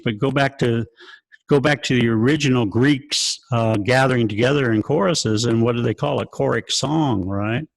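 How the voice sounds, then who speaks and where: The recording is dry, capturing a medium-pitched man on a video call as he runs an online choir rehearsal. This director lectures with rhetorical questions, sings examples, and chuckles frequently along the way.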